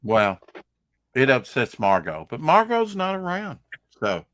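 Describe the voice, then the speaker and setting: A man's voice: medium pitch, huge pitch swings, unhurried, fairly bright tone, no echo, clean studio sound. A man co-hosting a podcast, chatting casually in a rambling, teasing way. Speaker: podcast co-host. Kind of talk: casual chat.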